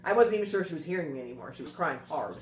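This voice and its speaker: A woman's voice: sits low, animated, racing. A woman host telling a family story in a casual chat, earnest and repeating phrases for emphasis. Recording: roomy echo with faint music.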